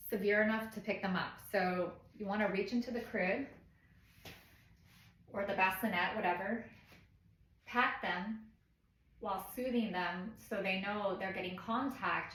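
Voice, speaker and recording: A woman in her thirties giving a casual how-to demonstration at home, chatty and instructive, checking in with "okay?" and shushing softly as she shows the steps. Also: mid-range voice, unhurried. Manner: softly shushes and imitates baby cries while demonstrating. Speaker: parenting vlogger. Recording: echoey room.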